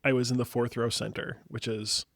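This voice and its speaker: A man's voice: medium pitch, little pitch movement, normal speed, dry recording, studio quality. A man who is a podcast guest, chatting enthusiastically and telling stories from the theater. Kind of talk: casual chat about a musical.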